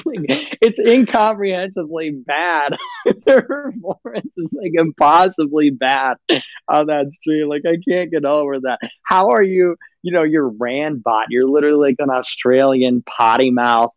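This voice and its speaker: A man's voice: a little high, measured pace, dry recording, highs cut off. A man in casual livestream chat, mocking and rambling with lots of fillers and frequent laughs. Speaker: livestream guest.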